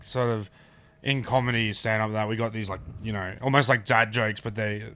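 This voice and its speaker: A comedian with an Australian accent, telling stories in a rambling, casual podcast chat. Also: male voice, fairly low pitch, fairly even intonation, normal speed, a bit bright. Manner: rambling storyteller, trailing asides. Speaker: comedian guest.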